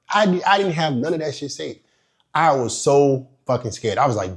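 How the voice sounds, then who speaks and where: A man teaching a business course, his speaking voice sitting a little higher than most men's. He tells his story bluntly and emphatically, swearing freely as he pushes his point home. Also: expressive, moderate pace, breathy edge. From immigrant. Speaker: business coach. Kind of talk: candid course lecture with a personal story.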